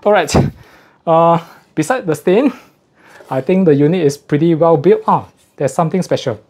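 A man's voice: a little high, animated, normal speed, darkish tone. A man reviewing audio gear in a casual unboxing walkthrough, slightly out of breath, explaining technical details methodically and correcting himself as he goes.

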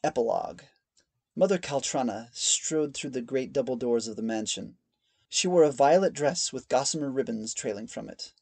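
A man narrating a fantasy audiobook in a measured storytelling reading on a close mic. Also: mid-range voice, creaky, a little mellow, breathy edge, no echo. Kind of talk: scripted narration.

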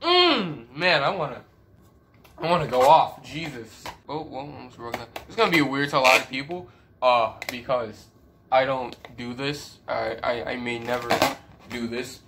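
A man's voice: mid-range voice, normal speed, background noise. A man talking casually in a comedic vlog rant, profane, sarcastic and self-mocking, with exaggerated, melodramatic frustration. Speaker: sports fan YouTuber.

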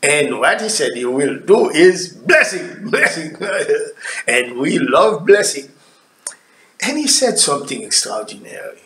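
A man preaching a sermon in a slow, deliberate delivery, his voice climbing high and swooping widely. He swings from emphatic declarations to hushed asides. The sound carries a noticeable echo. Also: big pitch swings. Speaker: pastor.

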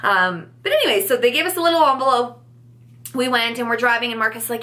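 A pregnant young woman telling a story to camera in a casual vlog, animated and chatty, acting out what people said. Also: fairly high pitch, fast talker. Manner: animated, chatty, acts out quotes. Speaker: vlogger.

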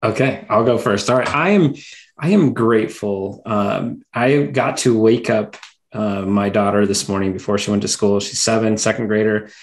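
A man co-hosting a podcast, relaxed and easygoing in casual conversation. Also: on the low side, moderate pace. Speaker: podcast co-host.

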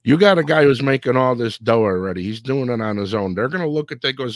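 A man in his fifties from Chicago, hosting a casual chat as an animated, jokey storyteller. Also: mid-range voice, quick pace, hardly any pauses, dry recording. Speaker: host.

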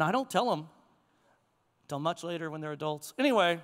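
High-voiced pastor preaching in a reverberant hall. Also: male voice, normal speed. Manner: conversational, animated preaching with chuckles. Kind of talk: sermon. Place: church sanctuary.

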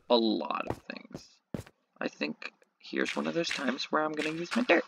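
A woman giving casual gameplay commentary, excitable, talking to herself and swearing when things go wrong. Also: low voice, moderate pace, vocal fry, slight background noise. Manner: excitable, talks to herself, swears, frequent yelps and laughs.

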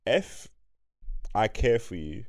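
Young man, podcast co-host: low, bright, animated, slangy; dry close mic. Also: takes it slowly, dry recording. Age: young adult. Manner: animated, slangy, argues his point with laughter. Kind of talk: casual group chat.

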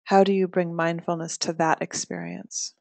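A woman with a somewhat low, flat voice moderates a talk series, asking a question and then making casual announcements. Her delivery is loose and full of fillers, and the sound is dry with no room echo. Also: normal speed. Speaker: host of a monthly talk series.

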